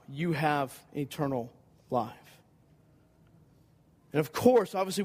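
Male preacher, earnest and emphatic, high voice, long hall echo. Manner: earnest, emphatic, repeats key phrases. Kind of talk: sermon.

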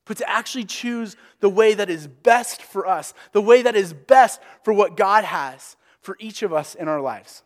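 Young male pastor, high voice, relaxed storytelling sermon, long church-hall echo. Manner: conversational, animated storytelling.

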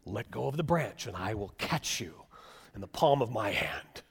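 A man doing God's deep, slow voice. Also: big pitch swings, vocal fry, slightly rough, long reverb tail, exaggerated voice. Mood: commanding. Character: God, a deep calm male voice from above.

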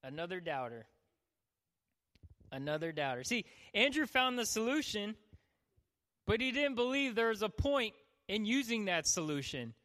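A man's voice: sits high, big pitch swings, moderate pace, long pauses, pushed and bright. A young man preaching a sermon as a youth pastor, joking and acting out the people in his stories. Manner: joking, acts out voices. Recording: long hall reverb.

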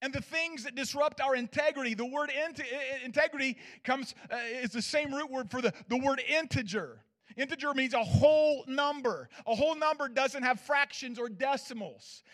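A man preaching a sermon as pastor, swinging from loud declarations to hushed asides and checking in with his listeners. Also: very high-pitched, moderate pace. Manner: asks the audience for agreement.

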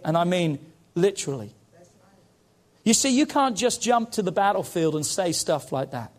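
Male pastor, high-pitched, impassioned sermon delivery with congregation call-outs. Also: very animated, normal speed. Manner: impassioned, rising and falling preaching with call-outs.

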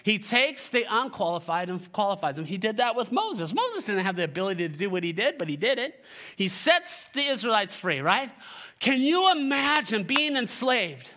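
High, bright-voiced animated preacher man. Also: normal speed. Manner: animated, jokey, sarcastic asides; reads scripture aloud, leads congregation. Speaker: pastor. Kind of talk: sermon.

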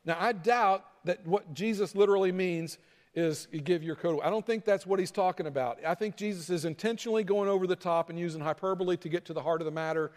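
A man with a high voice preaches in a casual, conversational way. Now and then he acts out a heated argument to make his point. The sound carries a long reverb from a large church hall. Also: fast, darkish tone. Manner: conversational preaching, acting out angry quarrels with rising pitch. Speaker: pastor. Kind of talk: sermon.

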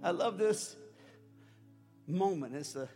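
A man preaching a sermon, telling a story with chuckles and swinging from hushed, slow passages to shouted lines. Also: high voice, expressive. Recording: long hall reverb, faint music.

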